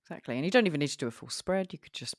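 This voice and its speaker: Playful woman with a lively voice. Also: low-pitched, rapid-fire, dry recording, clean studio sound. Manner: giggly, playful. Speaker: podcast co-host. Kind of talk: casual chat.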